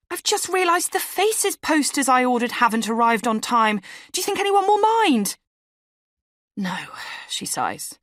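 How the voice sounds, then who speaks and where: Woman, memoir audiobook, wry conversational reading, low voice, dry studio sound. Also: fairly bright tone, no room sound. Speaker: author reading her memoir. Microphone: studio microphone.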